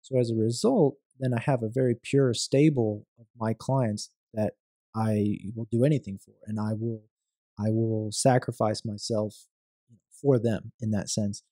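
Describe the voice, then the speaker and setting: Mellow-voiced man speaking thoughtfully. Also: on the low side, steady tone, dry recording, clean studio sound. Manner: measured, thoughtful, frequent restarts. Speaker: commercial real estate attorney, podcast guest. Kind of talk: conversational interview.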